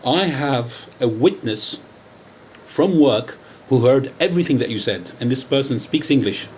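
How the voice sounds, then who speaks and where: A man's voice: medium pitch, expressive, measured pace, darkish tone, slight background noise. A man from the United Kingdom delivering an angry callout monologue as a channel host, taunting and combative, drawing out key words for dramatic emphasis. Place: Athens, Greece.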